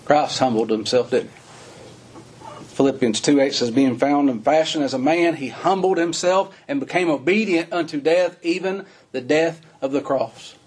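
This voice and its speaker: A man preaching a sermon, reading scripture and explaining it in plain folksy talk, rising to fervent emphasis and slowing on key words. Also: darkish tone, husky. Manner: rises to high, fervent emphasis and slows on key phrases; reads scripture in old-fashioned wording, then explains in plain folksy talk.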